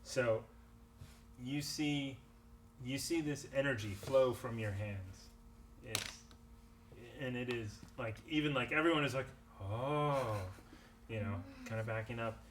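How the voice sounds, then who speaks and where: A man narrating as game master of a tabletop game, halting and restarting often. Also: medium pitch, recorded from a distance. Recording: faint background noise.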